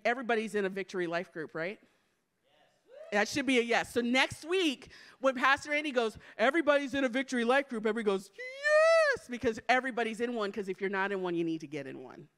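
Woman church speaker, sermon, lively and joking, goes soft and hushed in prayer. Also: mid-range voice. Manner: animated and playful, jokes with the congregation.

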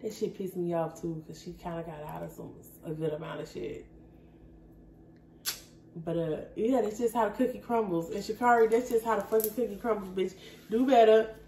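A woman's voice: mid-range voice, moderate pace, warm tone, reverberant, slight background noise, rough recording. A woman co-hosting a casual podcast, blunt, profane and mocking, a little tipsy. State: tipsy, hiccuping. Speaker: podcast co-host. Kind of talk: casual chat.

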